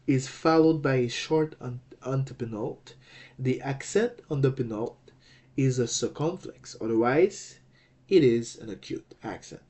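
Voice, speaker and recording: A man teaching a language lesson, explaining rules slowly and deliberately, often repeating phrases and checking in with the listener. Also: a little high, dark tone.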